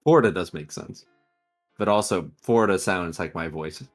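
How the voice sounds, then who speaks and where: Male game master, lowish voice, halting and self-correcting, online session, faint music behind. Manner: hesitant, thinking aloud with restarts. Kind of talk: casual tabletop game chat.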